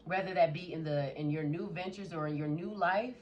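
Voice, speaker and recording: A woman giving a casual tarot reading in a blunt, profane, animated way. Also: lowish voice, brisk, muffled recording, slight background noise. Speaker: tarot reader.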